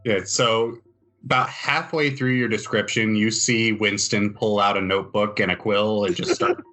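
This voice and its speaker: A man narrating scenes as the game master of a tabletop game, in a relaxed, descriptive way. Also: lowish voice, moderate pace.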